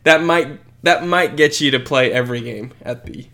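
A man's voice: mid-range voice, moderate pace, pushed and bright. A young man co-hosting a podcast in casual chat, rambling and joking with many fillers and restarts. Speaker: podcast co-host.

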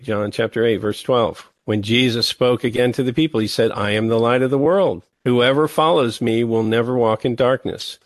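A man preaching a sermon, reading scripture passages slowly and breaking into emphatic, lively comments between them. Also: medium pitch, no echo.

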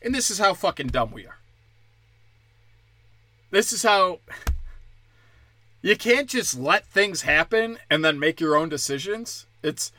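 A man delivers a heated, profane rant with a tense, bright edge to his voice. He sits slightly high for a man and often lurches into quick mocking impressions. The sound is dry and close, with no room around him. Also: lively intonation, no room sound. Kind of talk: ranting monologue.

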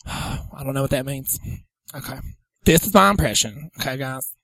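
A man's voice: medium pitch, animated, moderate pace, creaky, no room sound. A man voicing a boastful woman comedian from Kentucky with a put-on drawl, in an improvised podcast bit. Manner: boastful, loud, says y'all. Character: brash self-proclaimed stand-up comedian woman Kathleen from Kentucky.

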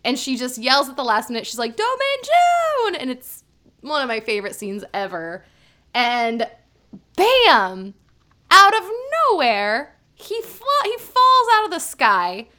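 A woman co-hosting a casual chat, retelling scenes with lively, joking commentary. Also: on the high side, unhurried. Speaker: podcast co-host. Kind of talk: casual chat recapping a drama.

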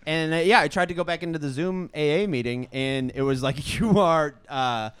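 A man on a casual podcast telling animated, crude stories about himself. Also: a little high, a little fast, clean tone. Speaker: podcast co-host. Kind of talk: casual chat.

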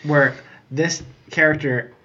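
A man's voice: fairly high pitch, steady tone, takes it slowly, sharp tone. Thoughtful man on a dull recording. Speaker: podcast co-host. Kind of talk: casual chat. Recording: dull lo-fi audio.

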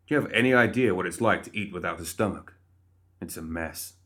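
Man doing a smug boastful undead head, condescending, deep low voice, storybook. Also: a little fast, a bit bright.

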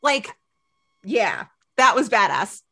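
A woman's voice: medium pitch, very animated, slow, creaky, sharp tone. A woman co-hosting a podcast, chatting animatedly as she recaps a TV episode and acts out the characters' lines. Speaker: podcast co-host. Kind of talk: casual chat recapping a TV episode.

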